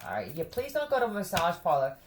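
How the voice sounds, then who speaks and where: A woman hosts a casual chat for her viewers, her voice sitting on the low side. She talks bluntly, swears freely and laughs often. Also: wildly swooping pitch, quick pace, background noise. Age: adult who has a son.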